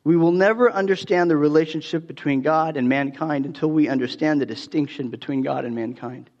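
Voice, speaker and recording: A man delivers a conversational sermon with a fairly high voice. The sound is dull and a long reverb hangs in the hall behind him. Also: fairly quick, darkish tone. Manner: conversational storytelling, many restarts and fillers. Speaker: pastor.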